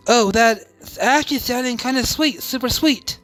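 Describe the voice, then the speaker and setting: A woman's voice: on the high side, normal speed, few pauses, fairly bright tone, soft background music. A woman playing a game and making wry asides between voiced lines. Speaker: game player. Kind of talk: playthrough commentary.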